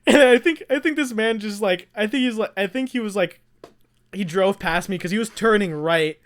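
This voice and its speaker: A young adult podcast co-host telling a rambling, animated story in casual chat, often laughing. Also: medium pitch, normal speed.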